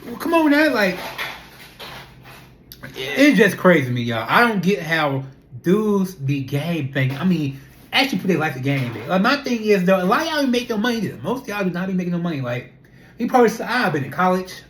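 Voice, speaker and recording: A young adult speaker, chatting straight to camera. The talk is loose and animated, looping through rhetorical questions and repeated fillers. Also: medium pitch, fairly quick, a little hiss or hum. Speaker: vlogger. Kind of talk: casual talking-to-camera monologue.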